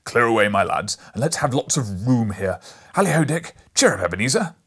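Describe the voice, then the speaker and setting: A man booming as a jovial stout old merchant. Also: very animated, fairly quick, breathy edge, exaggerated voice. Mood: hearty. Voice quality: rich, oily, comfortable voice. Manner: hearty, loud calling out.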